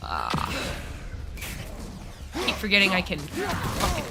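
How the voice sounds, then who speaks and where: Over loud music, a woman with a medium-pitched, expressive voice speaks at a measured pace. She's streaming a video game, chatting loosely, cursing enemies and teasing herself about how she plays.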